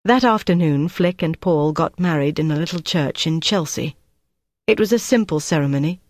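A mid-range voice narrates a novel for an audiobook, measured and even in its storytelling. The recording is dry and of studio quality, and the talk is scripted narration.

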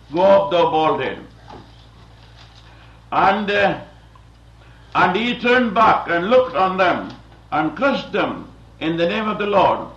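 A man's voice: high-pitched, a bit bright. A man from India giving a digressive, lecture-style sermon as a visiting Bible teacher, often chuckling and saying "you see". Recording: dull, roomy, distant old recording.

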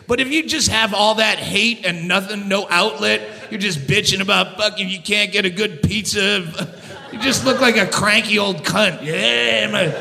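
A male stand-up comedian doing a profane, angry ranting routine on a live stage, often shouting. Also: sits high, moderate pace, vocal fry. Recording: live show with hall reverb and audience.

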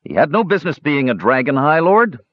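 A man's voice: a little high, very animated, brisk, no room sound, lo-fi sound, pitched above the performer's own voice. A man voicing a surly, hooded stranger who speaks in curt growls in a storybook reading. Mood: growling.

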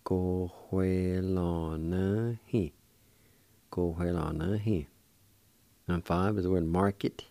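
Man teaching word by word on a radio show, really low voice, dry close sound. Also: gravelly, warm tone, no room sound. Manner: patient, spells words out letter by letter; repeats each pronunciation slowly. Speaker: radio host teaching vocabulary. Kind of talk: language lesson.

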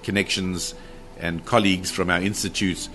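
A man's voice: deep voice, level tone, normal speed, pushed and bright, soft background music. A middle-aged man telling of a paranormal encounter with drama, acting out quotes and repeating his phrases. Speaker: guest describing a paranormal encounter. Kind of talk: animated storytelling.

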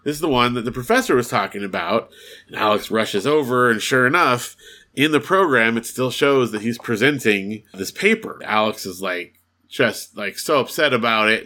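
Man, podcast co-host, casual recap chat, bright forceful voice, acts out quoted lines. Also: medium pitch. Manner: recaps plot with acted-out quotes and laughs.

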